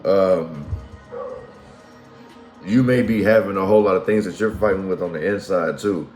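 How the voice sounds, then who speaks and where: A man's voice: low voice, moderate pace, darkish tone. A man giving a casual tarot reading, slangy and profane, who keeps checking that the listener follows him. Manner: slangy and profane, keeps asking "you feel what I'm saying". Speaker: tarot reader. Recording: roomy echo, faint music behind.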